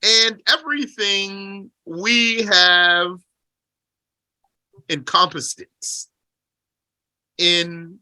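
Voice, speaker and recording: A man teaching a religious text. He reads Arabic passages quickly, then explains them slowly in English and asks rhetorical questions along the way. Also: high-pitched, bright, forceful tone, clean tone, no echo. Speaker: teacher explaining a Qur'an commentary.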